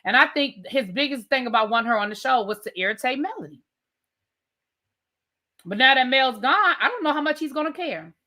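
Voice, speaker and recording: Woman host, chatty and emphatic, bright and a touch high, casual live chat with viewers. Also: animated, brisk. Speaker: livestream host reviewing reality TV.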